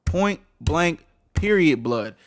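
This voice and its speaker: A man's voice: fairly high pitch, lively intonation, takes it slowly. A man hosting a reaction video, ranting in heated, incredulous, profane commentary full of rhetorical questions.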